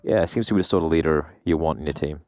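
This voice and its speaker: A man giving analysis in a live esports broadcast, lively and given to playful banter. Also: rumbling low, fast talker, no room sound, faint music behind. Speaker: esports color commentator.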